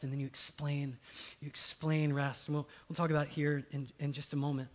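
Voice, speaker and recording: Male preacher, higher-pitched, lively sermon delivery with big swings in volume. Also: a little fast. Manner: animated, swings from loud exclamations to hushed quotes.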